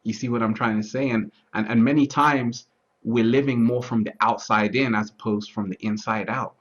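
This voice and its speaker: A man talking through his thoughts in a relaxed, reflective conversation, often restarting and asking whether he is understood. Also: medium pitch, moderate pace. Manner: repeats words, restarts often, asks "you see what I'm trying to say". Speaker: interview guest. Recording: dull lo-fi audio.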